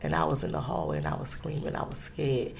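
A woman telling a personal story in an interview, halting and earnest, with many pauses and restarts. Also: deep voice, very animated, vocal fry, a little hiss or hum.

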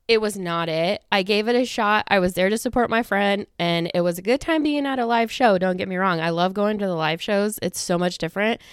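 Close to a studio mic, a young woman casually chats on her own podcast, her talk full of fillers and false starts, and she's slightly out of breath. Her medium-pitched voice is smooth and clear, and the dry sound has no room around it.

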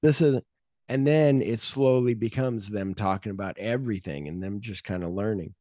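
A man hosting a casual movie podcast, retelling film scenes and slipping into quick offhand impressions of the characters. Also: lowish voice, warm tone, no echo, clean studio sound. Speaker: podcast host.

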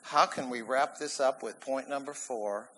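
A man preaching a sermon in an animated, emphatic way, often laughing as he goes. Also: mid-range voice, moderate pace, slight background noise, rough recording. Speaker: pastor.

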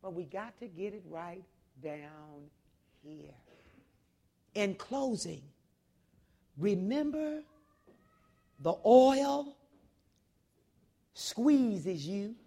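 A woman preaching a sermon, telling a story loudly, then dropping to a hush and rising again. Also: mid-range voice, animated, drawn-out words, pauses often. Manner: loud, swings between hushed and shouting.

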